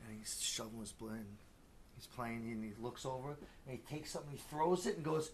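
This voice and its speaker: A man's voice: on the high side, fairly quick, sharp tone, a little hiss or hum. A man co-hosting a casual podcast, talking loosely with lots of swearing and laughter. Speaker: podcast co-host.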